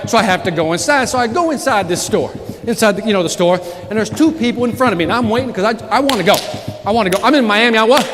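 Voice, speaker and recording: A man giving a live motivational sales keynote, telling stories with sudden loud outbursts. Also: high voice. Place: large conference hall with audience. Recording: reverberant hall, audience noise.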